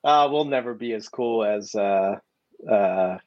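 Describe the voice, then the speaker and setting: A man's voice: fairly low pitch, measured pace, no room sound, lo-fi sound. A man hosting a casual podcast chat, upbeat and jokey. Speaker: podcast host.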